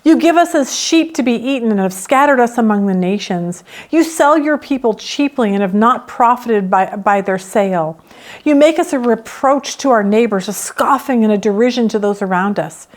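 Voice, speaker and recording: A woman leading a Bible study, reading scripture and teaching, who acts out the psalmist's complaints with feeling. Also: normal speed. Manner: expressive, acts out the psalmist's complaints with rising pitch.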